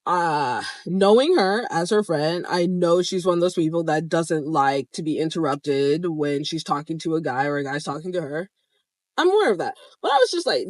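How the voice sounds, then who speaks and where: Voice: medium pitch, expressive, moderate pace, dry recording. Young adult vlogger, casual storytelling, candid and profane, mid-range voice, dead-dry room. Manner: candid, swears freely, laughs while retelling.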